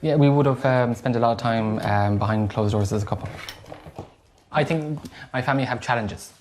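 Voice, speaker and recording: A man's voice: medium pitch, normal speed, a little mellow. An Irish man and community board member, speaking earnestly and reflectively in a documentary interview.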